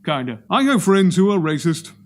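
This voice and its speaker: Vlogger, man from Australia: projecting, wordy, dry wit, voice a bit on the high side. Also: big pitch swings, normal speed. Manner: verbose, pontificating, projecting, wry. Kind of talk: monologue to camera.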